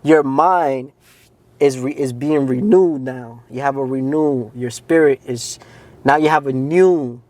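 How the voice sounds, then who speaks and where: A man's voice: medium pitch, measured pace, darkish tone, no room sound. A man co-hosting a podcast, telling his faith testimony in an earnest, casual way, often saying "like" and "man". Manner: earnest storytelling, heavy use of "like" and "man". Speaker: podcast co-host.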